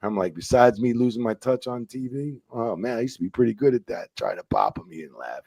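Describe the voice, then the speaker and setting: A man's voice: medium pitch, expressive, a little fast, creaky, warm tone, slightly rough, no room sound. A man in a casual interview who tells stories, swears freely and acts out quotes animatedly. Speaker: retired wrestling referee, guest.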